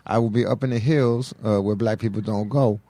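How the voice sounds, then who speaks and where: A man co-hosting a comedy podcast, teasing the others in a laid-back, deadpan way. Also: lowish voice, a little fast, no echo. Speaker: podcast co-host.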